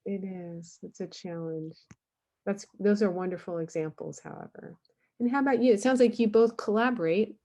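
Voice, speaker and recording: A woman's voice: mid-range voice, moderate pace, mellow. A woman moderating a panel, asking guests questions and affirming their answers. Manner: encouraging, frequent affirmations.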